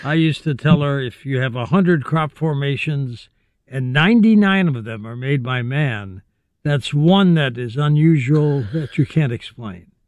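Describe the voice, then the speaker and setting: A man's voice: mid-range voice, measured pace, no room sound, narrow, tinny audio. A man hosting an interview, asking his guests direct questions. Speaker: host.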